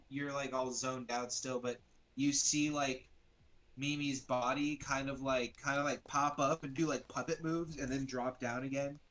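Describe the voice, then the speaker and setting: A man runs a tabletop game in a loose, meandering way, piling up fillers as he describes each scene. His pitch sits right in the middle, neither low nor high. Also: fairly bright tone. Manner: rambling, loose, full of fillers. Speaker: game master.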